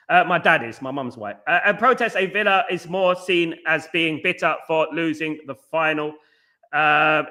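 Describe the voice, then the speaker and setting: London-accented male streamer, casual and chatty, bright edge to the voice, reacts to viewer comments. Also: high voice. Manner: casual, says big up and mate a lot. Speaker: fan channel host. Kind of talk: live chat-reading fan stream.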